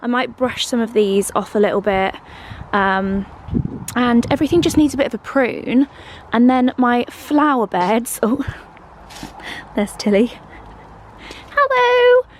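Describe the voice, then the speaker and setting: A woman's voice: a little high, measured pace, distant mic, a little hiss or hum, rough recording. Bubbly English woman vlogging. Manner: chatty, bubbly, thinking aloud while tasting food. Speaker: lifestyle vlogger. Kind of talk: casual vlog chat. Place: home kitchen, then outdoor garden.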